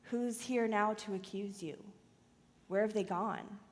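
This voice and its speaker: A woman voicing Jesus as a calm male teacher confronting a mob, loud and challenging, later soft and gentle, in a slow retelling. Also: fairly high pitch, in a large hall.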